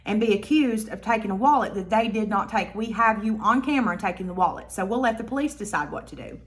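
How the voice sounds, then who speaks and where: A man's voice: sits high, animated, quick pace. A woman voicing a stern male restaurant manager who firmly insists on calling the police. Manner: firm, insistent.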